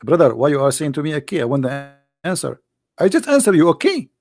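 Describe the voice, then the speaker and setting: A livestream host taking calls mocks a religious debate, his non-native English full of sarcastic rhetorical questions. His voice is fairly high, animated and fast, with a creaky, slightly mellow quality.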